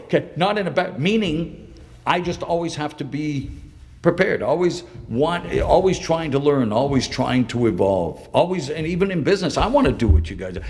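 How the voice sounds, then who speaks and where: A middle-aged man from British Columbia, a podcast guest, telling his story with intense emotion, swinging between loud and hushed. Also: a little high, long reverb tail. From Canada, British Columbia. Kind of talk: candid interview storytelling.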